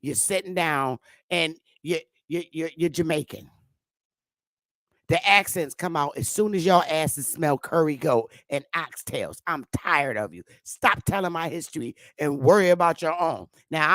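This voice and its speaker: A woman's voice: lowish voice, fairly bright tone, dry recording. Blunt, profane woman ranting on a livestream. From United States. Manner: greets viewers by name. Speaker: YouTube livestream host. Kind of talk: heated livestream rant.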